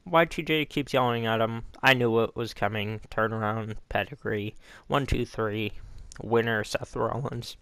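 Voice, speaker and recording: Slow, rambling man recapping wrestling. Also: medium pitch, fairly bright tone, smooth, dry recording. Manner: rambling, self-correcting, loose and informal. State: hiccups. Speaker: wrestling show reviewer. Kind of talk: casual recap commentary.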